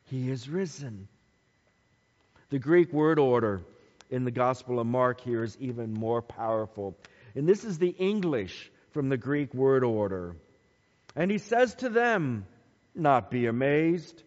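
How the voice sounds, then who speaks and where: A man preaching a sermon, dramatic and emphatic, dropping to hushed tones at times. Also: on the high side, sing-song, a little slow. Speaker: pastor. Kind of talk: Easter sermon. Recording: dull sound with long hall reverb.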